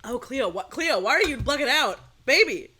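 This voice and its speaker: A high, bright-voiced young woman telling a story on her stream. She rants with wild swings in pitch and plenty of swearing. She is streaming from home into a desk microphone. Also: moderate pace, slight background noise. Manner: animated ranting with frequent swearing and outbursts. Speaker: VTuber streamer. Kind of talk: casual livestream storytelling.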